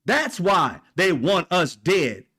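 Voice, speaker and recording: Male host, heated profane rant, voice sits a bit high, repeats himself for emphasis. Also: very animated, slow pace, bright, forceful tone, slightly rough. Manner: profane, fired up, repetitive. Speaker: commentary channel host.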